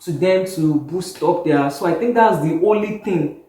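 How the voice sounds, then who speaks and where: Animated woman guest in an echoey room. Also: fairly low pitch, normal speed. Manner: animated storyteller, laughs often. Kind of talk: casual interview chat. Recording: very echoey room, distant mic.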